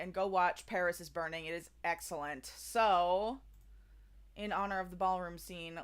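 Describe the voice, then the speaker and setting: Chatting with her karaoke stream audience, this young adult woman rambles with many restarts and fillers. Her voice is fairly low and smooth, holding a steady tone at normal speed.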